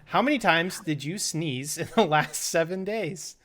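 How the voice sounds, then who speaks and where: A young man co-hosting a casual chat show, firing off playful quick questions at his friend and laughing along. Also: fairly high pitch, noisy background. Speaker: podcast co-host.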